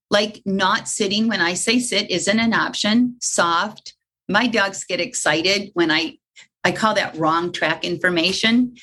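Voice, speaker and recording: A woman dog trainer talking in an interview, animated, acting out her dogs and students in quick voices. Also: medium pitch. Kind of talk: conversational interview.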